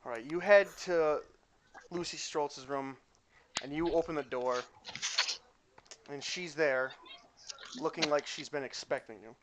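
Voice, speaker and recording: A man running a tabletop game, narrating scenes in a casual, halting way. His voice sits a little high. There is clear noise in the recording. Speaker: game master.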